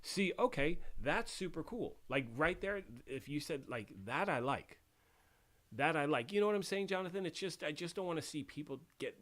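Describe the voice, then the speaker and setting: A man hosts a casual livestream, rambling conversationally with plenty of fillers while reading and replying to chat. He's clearing his throat after choking on tea. His voice is mid-range and fairly bright.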